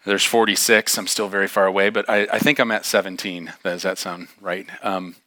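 A man's voice: low voice, a little fast, no echo. A man, a pastor, giving a casual storytelling sermon in a conversational way, acting out the dialogue of the people in his story. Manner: animated, acts out dialogue in raised voices; casual and conversational with frequent fillers.

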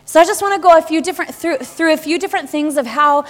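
Woman preacher with a high voice, delivering an animated, laughing sermon in a big echoing hall. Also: quick pace. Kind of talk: sermon to a live congregation. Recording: long hall reverb.

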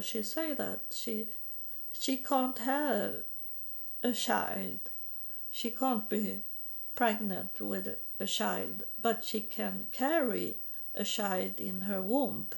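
A woman from Sweden, giving a halting personal testimony in English and often repeating words. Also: medium pitch, vocal fry. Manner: halting, repeats words, non-native grammar.

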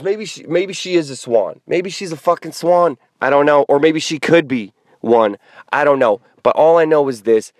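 A man with a mid-pitched voice tells a rambling dating story, blunt and heavy on swearing. He talks in a loose, casual way with lots of fillers. The sound is dry and close, with no room echo. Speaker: podcast host telling a dating story. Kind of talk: crude casual storytelling monologue.

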